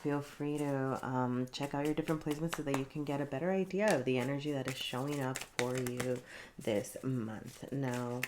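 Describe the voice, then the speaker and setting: A woman's voice: a bass voice, steady tone, normal speed, noisy background. A woman giving a casual tarot reading, chatty and laughing often, with many fillers. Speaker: tarot reader.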